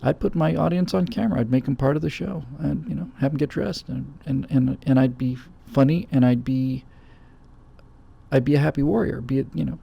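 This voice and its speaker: A man's voice: medium pitch, a little fast, gravelly, breathy edge, dull audio. A middle-aged man hosting a show, giving emphatic, blunt opinions in answer to viewer questions and acting out quoted voices. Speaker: host.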